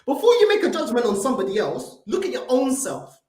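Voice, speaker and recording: A man's voice: very high voice, sing-song, fast, darkish tone, roomy sound. A man with a London accent hosting a fan live stream, talking in a confrontational, swearing way that often repeats itself. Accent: London English. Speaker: fan channel host. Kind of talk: heated live-stream rant.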